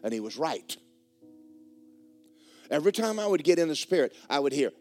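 A man preaching a sermon as the pastor of a church, telling a story in a lively way that swings between hushed and loud. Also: on the high side, moderate pace, long pauses. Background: faint guitar music.

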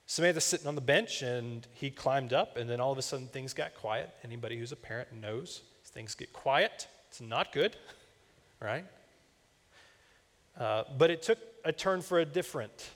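A man's voice: mid-range voice, normal speed. A young man, a campus minister, preaching a sermon in a conversational, storytelling way. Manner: conversational, personal storytelling with asides. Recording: long reverb of a large church hall.

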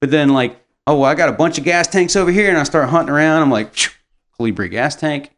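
A young adult man telling a rambling, animated story in casual chat, swearing and laughing often. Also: fairly high pitch, fast talker.

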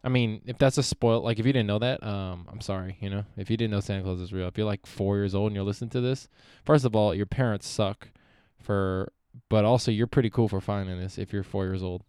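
A man's voice: fairly low pitch, steady tone, fairly quick, few pauses, darkish tone, clean tone, no echo, studio quality. A young man hosting a solo podcast, rambling and swearing freely, often trailing off and restarting. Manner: profane, meandering, self-interrupting. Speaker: podcast host.

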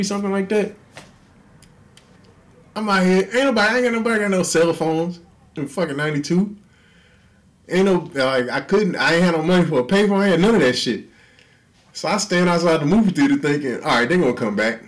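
A man's voice: high voice, a little fast, pauses often. A man, hosting a podcast and telling profane stories in a casual chat, laughing often. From Houston, Texas. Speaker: podcast host.

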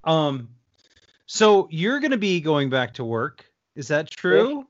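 A man's voice: a little high, sing-song, slow, highs cut off. A man who works as a restaurant server, talking in casual chat with a dry, wry manner.

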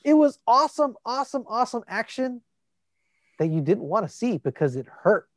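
Animated speaker, dry recording. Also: mid-range voice, normal speed, dry recording. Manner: animated storyteller, swearing. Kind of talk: casual chat about a movie.

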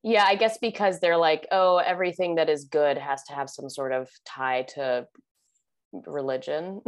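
A woman's voice: low-pitched, normal speed. A woman co-hosting a casual podcast, chatting freely with lots of "like" and "you know" and reading facts aloud now and then. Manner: chatty, laughs easily, fillers like "like" and "you know". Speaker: podcast co-host.

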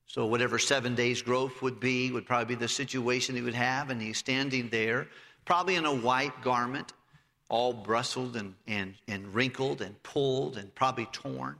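A man's voice: mid-range voice, steady tone, moderate pace, gravelly, pushed and bright, in a large hall. A man preaching a sermon, retelling scripture vividly and reading in old-style biblical phrasing.

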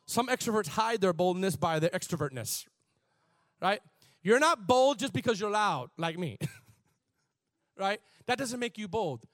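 A man preaching a sermon in an animated, conversational way, shifting from soft asides to shouts. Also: sits high, unhurried, no room sound, clean studio sound. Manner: conversational, laughs and repeats words. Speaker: pastor.

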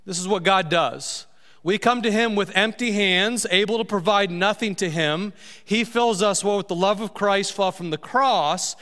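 High-voiced pastor preaching in a big hall. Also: male voice, sharp tone. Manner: emphatic preaching, slowing down to stress key words. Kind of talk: sermon. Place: church sanctuary.

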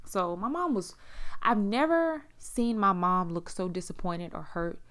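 A woman's voice: measured pace, fairly bright tone. A woman in her forties, originally from Las Vegas, telling a personal story in a candid, blunt way, swearing freely and acting out what people said. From Las Vegas, USA. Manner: acts out quoted speech with big jumps in pitch.

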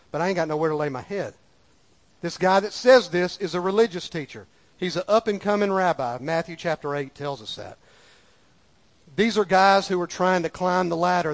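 A man preaching a sermon in a folksy, conversational way, repeating lines for emphasis. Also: high voice. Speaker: pastor.

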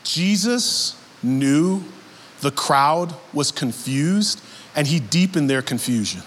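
Male pastor, high voice, casual but animated sermon delivery, long hall reverb. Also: takes it slowly, a little hiss or hum. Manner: casual, animated preaching, rising to emphatic.

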